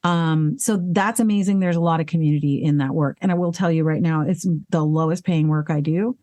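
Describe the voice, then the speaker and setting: A woman voice actress and singer talking candidly as an interview guest, animated, swearing freely and laughing at herself, with hiccups breaking in now and then. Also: deep voice, a little fast, dry recording. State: hiccuping and burping. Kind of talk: casual interview conversation.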